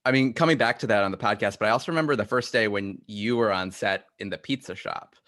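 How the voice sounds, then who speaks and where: A man from the cast chatting casually on a livestream, with halting starts. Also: on the low side, fairly bright tone. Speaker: cast member of the show. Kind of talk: casual group chat on a livestream.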